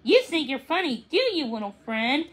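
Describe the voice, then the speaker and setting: A woman's voice: sits high, big pitch swings, moderate pace. A woman voicing a big, playful female puppy who barks and teases in a storybook reading. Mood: playful teasing. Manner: teasing, bouncy barking.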